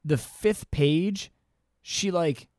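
A man's voice: a little high, very slow, darkish tone, dry recording. Chatty swearing man on a dry mic. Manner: chatty, swears freely, retells stories. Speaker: podcast co-host. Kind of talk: casual chat.

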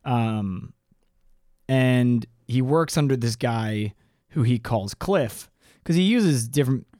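A man's voice: mid-range voice, expressive, takes it slowly, a little mellow, no room sound, studio quality. A man co-hosting a casual podcast, joking and telling the story in a laid-back way. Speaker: podcast co-host. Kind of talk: casual chat.

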